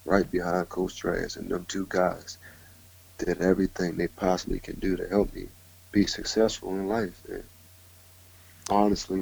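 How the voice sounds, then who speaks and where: Young guy w a real low husky gravelly voice, keeps restarting, heartfelt. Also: darkish tone, poor audio. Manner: halting, heartfelt storytelling with many restarts. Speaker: former football player, guest. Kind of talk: emotional phone-in remembrance.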